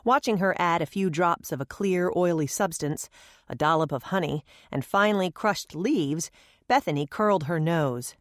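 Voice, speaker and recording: A woman narrating an audiobook in a measured, gentle storytelling manner, recorded on a close studio mic. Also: sits low, no echo. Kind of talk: scripted narration.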